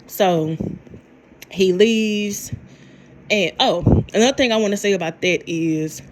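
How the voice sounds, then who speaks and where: Woman, thirties, casual show recap vlogger; animated, repetitive retelling, acts out quotes, mid-pitched voice. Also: slow pace, background noise. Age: 30s. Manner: animated storyteller, repeats herself, acts out quotes.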